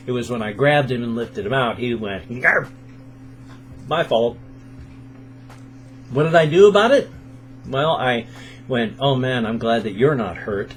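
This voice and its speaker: A man in his fifties with a sore throat, chatting casually at home in a morning vlog and telling stories with animated sound effects. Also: mid-range voice. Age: 50s. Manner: animated storyteller who makes sound effects. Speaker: video blogger.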